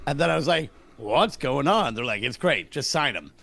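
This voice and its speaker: A middle-aged man, a comedian guest, telling stories in a casual interview and acting out the dialogue with lively voices. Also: medium pitch, normal speed, vocal fry. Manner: energetic, acts out dialogue with voices.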